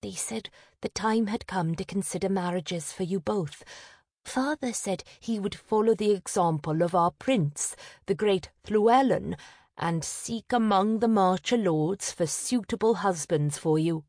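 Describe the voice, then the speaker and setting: A woman voicing a timid, tearful youngest sister who talks softly and sighs. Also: mid-range voice, measured pace, dry recording, clean studio sound. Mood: earnest. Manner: soft, plaintive, sighing.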